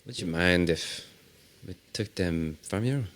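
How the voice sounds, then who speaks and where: A man's voice: low voice, unhurried, a bit bright. A man doing a polite pleading Frenchman. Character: scriptural man with put-on French voice.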